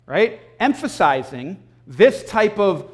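High-voiced man preaching casually. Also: slow. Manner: animated, casual storytelling with frequent throat clearing. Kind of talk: conversational sermon.

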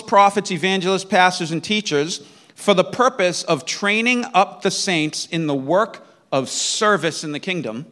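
A man preaching a sermon in an earnest teaching manner, often checking in with the listeners and clearing his throat. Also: high-pitched, a bit bright. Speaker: pastor.

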